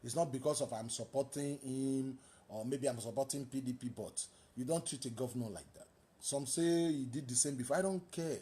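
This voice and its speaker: Speaking in a dark, mid-range voice, this Nigerian-accented talk show host offers fiery takes on politics, leaning on rhetorical questions and repeated lines for emphasis.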